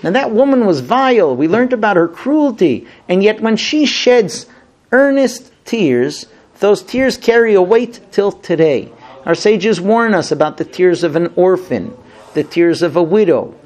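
A man teaching a Torah lesson, retelling the story in an animated way and voicing the people he quotes. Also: sits high, unhurried. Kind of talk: sermon-style Bible storytelling.

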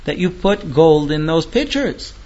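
A man's voice: fairly high pitch, very animated, a little slow, darkish tone, voice pushed down. Stern judges, formal and questioning, read by a male storyteller, dull lo-fi sound. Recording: dull lo-fi recording.

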